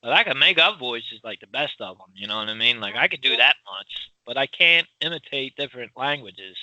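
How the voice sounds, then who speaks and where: Loud, bright-voiced Philly man. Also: medium pitch, animated, fairly quick, no echo, muffled recording. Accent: Philadelphia. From Philadelphia. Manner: loud, rambling, laughs often. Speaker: podcast co-host. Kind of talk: casual chat.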